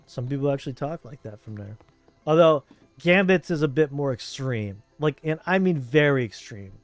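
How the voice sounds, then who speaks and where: Streaming a game, a Southern Californian man with a local accent chats casually, wandering from topic to topic in a relaxed way. He has a mid-range, expressive voice at a moderate pace, recorded without echo over soft background music.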